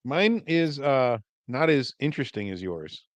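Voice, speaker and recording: A man on a podcast telling a story in casual chat, relaxed and dry, with many fillers. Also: medium pitch, measured pace, dry recording. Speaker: podcast co-host.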